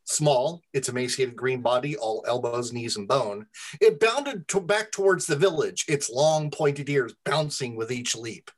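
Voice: mid-range voice, a little slow. A storyteller reading their own comic fantasy story aloud to friends, with a wry, self-deprecating delivery.

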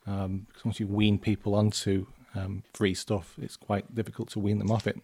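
A man's voice: on the low side, level tone, moderate pace, dark tone, breathy edge. A man in his thirties with a northern English accent, a guest journalist on a podcast, speaking hesitantly with many ums and restarts. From northern England. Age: 30s. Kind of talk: casual podcast chat.

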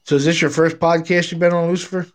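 A man's voice: a little high, flat delivery, fast talker. A man hosting a casual paranormal call-in show, telling rambling stories and acting out quotes between laughs. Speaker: podcast host.

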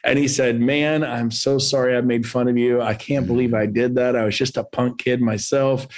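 A man in his fifties telling lively, jokey stories as a guest on a podcast interview, acting out quotes in other voices. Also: mid-range voice, moderate pace. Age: 50s. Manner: animated, jokey storyteller who acts out quotes in other voices. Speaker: podcast guest, real estate agent.

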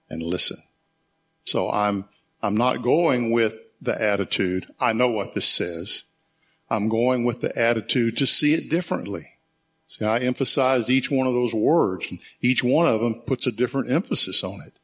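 A man with a fairly low voice leads a church small group. He teaches conversationally and reads scripture slowly and reflectively, then invites questions from the group. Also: fairly bright tone. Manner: slow, reflective reading of scripture aloud.

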